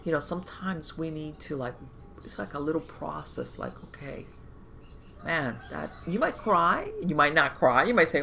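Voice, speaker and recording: A podcast host talking in a casual interview, animated, with many fillers and restarts and acted-out inner voices. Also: mid-range voice, normal speed, vocal fry, a little hiss or hum.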